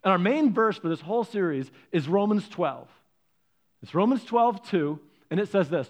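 Man, pastor, sermon, high voice, playful storytelling. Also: moderate pace. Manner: lively storytelling, playful asides to the congregation.

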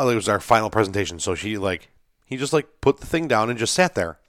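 A young man in casual podcast chat, telling an animated story, acting out quotes and swearing freely. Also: fairly low pitch, fast talker, no echo, studio quality.

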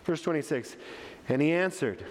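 A man's voice: on the high side, lively intonation, moderate pace. A man preaching a sermon in a church hall, emphatic and passionate, with frequent stammering restarts. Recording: long church hall reverb.

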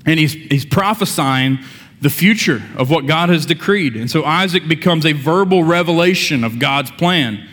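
A man's voice: on the high side, expressive, moderate pace, a bit bright. A male pastor delivering a sermon in a conversational style, with joking asides to the congregation. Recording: long church-hall reverb.

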